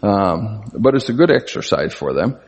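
An older man delivers a conversational sermon with a husky, slightly breathy voice. He talks earnestly and his voice jumps up high when he stresses a point. The sound trails off in a long hall reverb. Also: very animated, moderate pace, darkish tone. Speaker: preacher.

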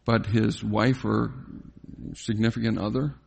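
Older guy telling a church testimony, deep-ish gravelly husky voice, lots of ums. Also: level tone. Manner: reflective storytelling, halting with fillers. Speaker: testimony speaker. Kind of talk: personal faith testimony.

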